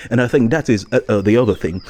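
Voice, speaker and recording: A man's voice: medium pitch, fast talker, darkish tone. A man vlogging in a casual, rambling monologue, hesitant with many fillers and restarts and frequent chuckles.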